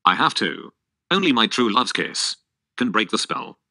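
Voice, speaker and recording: A male text-to-speech voice reading the lines of a sad young princess under a spell in a flat, synthetic way. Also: lowish voice, a little slow, dry recording, full character voice.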